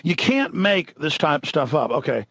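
A man's voice: fairly high pitch, sing-song, moderate pace, vocal fry, a bit bright, slightly rough, dry recording, dull audio. A man hosting a talk radio show, ranting indignantly and reading news items aloud in an impassioned monologue.

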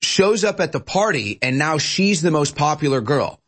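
A man hosting political commentary, talking in an animated, mocking way. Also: a little high, normal speed. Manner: mocking, puts on sneering voices. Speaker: host.

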